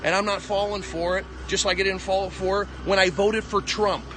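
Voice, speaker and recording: A male comedian ranting in a rambling live stream monologue, combative, with jumpy pitch, recorded on a phone outdoors on a city walk. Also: level tone, normal speed, noisy background. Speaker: comedian livestreaming. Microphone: phone at arm's length.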